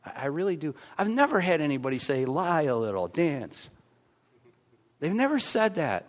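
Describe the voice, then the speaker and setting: A man's voice: on the high side, very animated, normal speed. A man pastor with an American accent, preaching a conversational sermon in a church with frequent stammered restarts.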